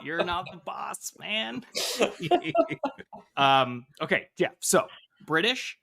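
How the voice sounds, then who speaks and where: A man's voice: high-pitched, lively intonation, creaky, bright, forceful tone. A man co-hosting a podcast, wry and joking as he directs his partner. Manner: wry, directing, quick to joke. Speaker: podcast co-host. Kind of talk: casual podcast banter.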